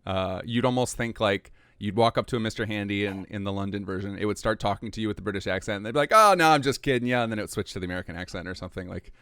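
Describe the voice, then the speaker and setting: A man hosting a podcast, chatting casually with his guest, laughing easily and filling pauses with ums and uhs. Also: lowish voice, fairly even intonation, smooth, no echo, clean studio sound. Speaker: podcast host.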